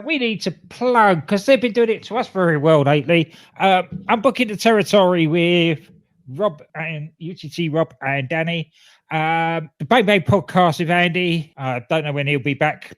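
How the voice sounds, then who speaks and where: A man's voice: a little high, normal speed. A man co-hosting a casual wrestling podcast, speaking hesitantly with "uh" and "um" fillers. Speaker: podcast co-host. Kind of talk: casual chat.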